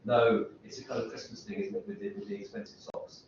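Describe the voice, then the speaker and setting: A man's voice: sits high, sing-song, quick pace, a little hiss or hum. A man giving a university lecture, rambling and asking the students lots of questions. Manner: rambling, self-interrupting, asks rhetorical questions. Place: lecture room. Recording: echoey lecture hall from far off, dull sound.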